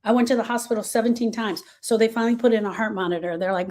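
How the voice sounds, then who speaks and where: A woman grief coach giving a motivational talk to viewers, emphatic and repetitive, dropping soft and then rising loud, calling listeners "girl". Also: on the high side, very fast.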